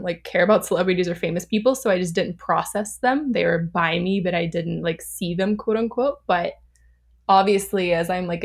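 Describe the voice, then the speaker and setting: A woman in her thirties from Southern California talks as a podcast guest. Her voice sits at an ordinary middle pitch. She tells a story in a chatty, animated way, laughs often and scatters fillers through her sentences. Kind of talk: casual storytelling.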